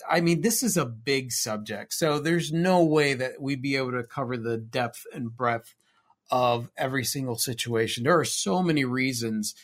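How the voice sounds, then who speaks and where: Man, stream co-host, casual and jokey, mid-pitched, prone to goofy voices. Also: moderate pace. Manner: animated, jokey, breaks into exaggerated silly voices. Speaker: co-host of a live art stream. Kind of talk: casual chat.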